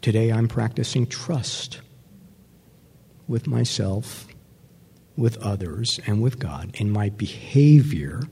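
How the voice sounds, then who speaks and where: A man giving a personal recovery testimony to an audience, speaking reflectively and pausing often with fillers. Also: lowish voice, lively intonation, vocal fry, dark tone, slightly rough. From New York. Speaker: speaker sharing his recovery story. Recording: long hall reverb.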